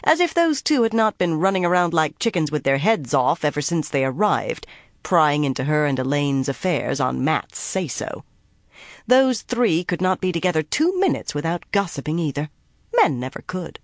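In a mid-range voice, a narrator delivers scripted narration from a fantasy novel at a steady, even, measured pace. The recording is studio quality and dry.

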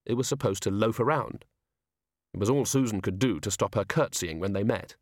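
A man reading a novel aloud as an audiobook narrator, measured and wry. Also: lowish voice, dry recording, studio quality. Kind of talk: scripted narration.

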